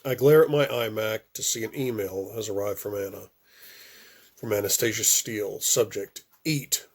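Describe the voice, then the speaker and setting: A man reading a first-person novel aloud, with occasional stumbles and restarts and phrases that drop off softly. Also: fairly low pitch, fairly even intonation, moderate pace. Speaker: audiobook reader.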